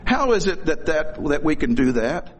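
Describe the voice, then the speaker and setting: A man's voice: on the high side, big pitch swings, moderate pace. A middle-aged man preaching a sermon in a folksy, storytelling way, with corny jokes.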